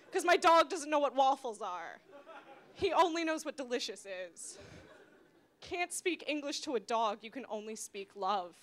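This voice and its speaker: Bright high-pitched young woman comic. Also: animated, moderate pace. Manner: rambling, self-deprecating, shifts into loud shrill voices for quoted bits. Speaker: stand-up comedian. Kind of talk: stand-up comedy set.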